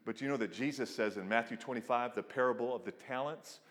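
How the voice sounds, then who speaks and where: Middle-aged male pastor, animated sermon, hall reverb. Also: fast talker. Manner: animated storytelling, acts out quotes with big pitch jumps.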